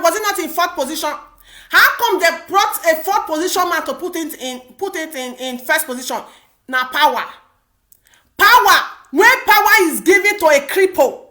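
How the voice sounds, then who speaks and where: A woman's voice: very high-pitched, sharp tone. A woman with a Nigerian Pidgin English accent giving impassioned political commentary, emphatic and repetitive with many restarts.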